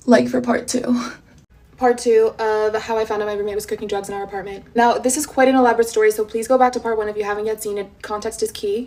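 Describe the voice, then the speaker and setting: A young woman telling a personal story in a chatty storytime vlog, animated and full of asides. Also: medium pitch, vocal fry, distant mic.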